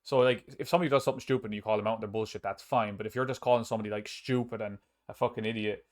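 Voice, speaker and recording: A man's voice: on the low side, steady tone, very fast. A man hosting a casual podcast chat, rambling with frequent restarts and casual swearing. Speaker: podcast host and streamer.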